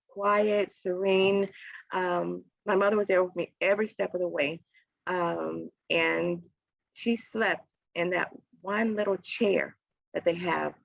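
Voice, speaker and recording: A woman, a podcast guest, telling a personal story in a casual interview. She acts out the voices in her story with big jumps in pitch and often laughs as she talks. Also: gravelly, no echo. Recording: dry, slightly dull podcast audio.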